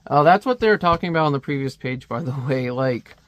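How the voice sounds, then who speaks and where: A man's voice: fairly high pitch, animated, quick pace, fairly bright tone. A man casually reviewing a comic, chatty and wry, with many fillers.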